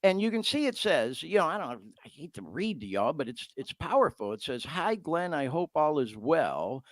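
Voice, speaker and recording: A man's voice: a little high, sing-song, normal speed, dry recording. A man hosting a podcast, talking earnestly and emotionally as he reads out messages he received. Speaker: podcast host. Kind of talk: heartfelt podcast talk.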